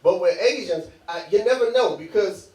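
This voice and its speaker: High-voiced man doing stand-up. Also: lively intonation, normal speed, darkish tone. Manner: loose, conversational, laughs at his own jokes. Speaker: stand-up comedian. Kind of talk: stand-up comedy set. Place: comedy club stage. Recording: echoey live room, mic heard from a distance, crowd laughing. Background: audience laughter.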